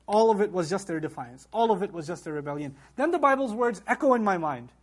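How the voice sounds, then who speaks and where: A man's voice: sits high, animated, fast. A man teaching a Quran lecture, speaking emphatically and reciting Arabic verses between his English explanation. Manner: emphatic, acts out quoted voices. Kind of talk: religious lecture.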